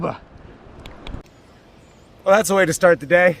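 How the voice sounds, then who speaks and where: A man fishing on a river, giving excited commentary to the camera and exclaiming over and over. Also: high-pitched, takes it slowly, long pauses. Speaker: fishing vlogger. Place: outdoors by a river.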